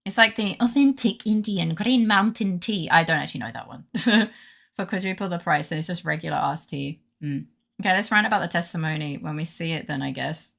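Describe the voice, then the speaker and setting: A woman's voice: lowish voice, fairly quick, creaky, fairly bright tone. A woman streamer chatting casually during a game stream, rambling, swearing freely and going on rants. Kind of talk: casual gaming stream chat.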